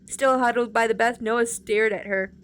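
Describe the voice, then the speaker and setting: A woman's voice: a little high, normal speed, clean tone. Woman reading a spooky kids' story. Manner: expressive reading with small slips and self-corrections. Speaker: streamer reading aloud. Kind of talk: storybook read-aloud.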